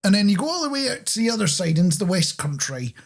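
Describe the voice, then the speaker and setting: Chatty Scottish man with a lively voice. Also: sits high, fast talker, creaky. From Scotland. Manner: chatty, jokey, reads out listener messages. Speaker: podcast co-host. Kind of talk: casual chat.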